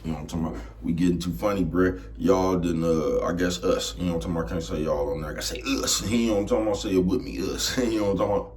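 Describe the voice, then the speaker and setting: Laid-back man with a low voice, AAVE slang. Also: fairly even intonation, rapid-fire, few pauses, slight background noise. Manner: streetwise slang, repeats "you know what I'm talking about"; laid-back, gets loud and heated. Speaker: vlogger. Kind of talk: casual rant to camera.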